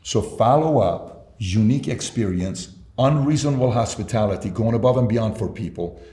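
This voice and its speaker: A man's voice: fairly low pitch, moderate pace, dark tone. A man, a guest entrepreneur, giving advice in casual conversation, emphatic and repeating his key points. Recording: roomy echo.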